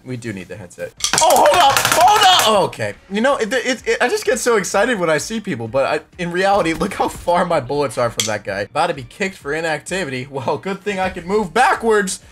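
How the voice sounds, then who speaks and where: Hyper young man, lively shouty gameplay. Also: on the high side, a little fast, hardly any pauses, noisy background. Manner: excitable, shouts and laughs often, self-mocking. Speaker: gaming YouTuber. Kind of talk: excitable gameplay commentary. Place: home room. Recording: music playing underneath.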